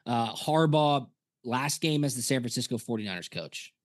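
A former punter co-hosting a casual sports podcast, telling stories and acting out quotes. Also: male voice, mid-range voice, moderate pace. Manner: animated storyteller, acts out quotes.

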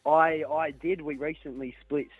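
A man's voice: a little high, little pitch movement, measured pace, phone-quality sound. A nineteen-year-old man calling in to a radio show, good-humoured and agreeable. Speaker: radio caller.

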